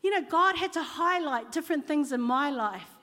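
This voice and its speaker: New woman, church speaker, high and bright, chatty storytelling sermon in a long-reverb hall. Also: moderate pace. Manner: chatty and animated, acting out quotes.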